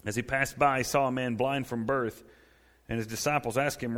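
A middle-aged male pastor preaching a sermon, rising to loud, high-pitched emphasis. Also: normal speed.

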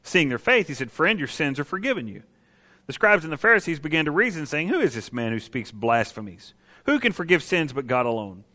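A man preaching a sermon, animated, acting out voices from the scripture he reads. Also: a little high, brisk. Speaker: pastor.

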